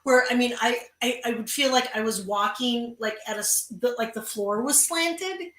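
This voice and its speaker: Encouraging female guest, slightly high voice, echoey room sound. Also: moderate pace, fairly bright tone. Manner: encouraging, agreeable. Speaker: guest reader. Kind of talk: casual live-stream chat.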